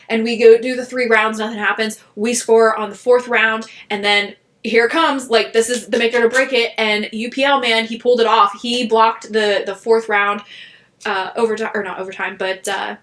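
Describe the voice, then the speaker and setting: Woman podcast co-host, excitable rambler, bright tone. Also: a little high, moderate pace. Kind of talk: casual chat.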